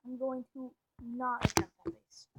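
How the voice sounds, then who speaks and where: A woman giving excitable, rambling gameplay commentary, full of slang and fillers. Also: high-pitched, measured pace, heavy background noise. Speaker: gameplay video host.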